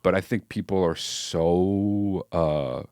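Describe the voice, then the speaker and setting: A man co-hosting a podcast, in easygoing casual chat, often pausing to search for words. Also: low-pitched, a little mellow, clear, resonant tone, no echo, studio quality. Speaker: podcast co-host.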